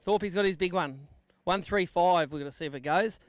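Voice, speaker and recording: A man's voice: high-pitched, moderate pace, dry recording. An Australian man acting as MC at an outdoor fishing weigh-in, giving live commentary and bantering with the anglers.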